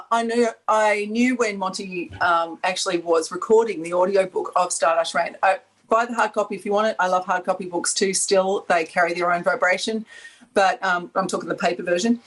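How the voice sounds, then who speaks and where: A woman's voice: mid-range voice, fairly even intonation, moderate pace, fairly bright tone, rough recording. A woman with an Australian accent, chatting enthusiastically on a panel, rambling and laughing often. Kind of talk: casual chat.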